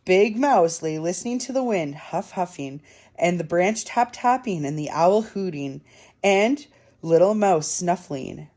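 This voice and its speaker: A woman reading a children's picture book aloud for a library storytime, soft and dramatic. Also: on the low side, animated, a little slow.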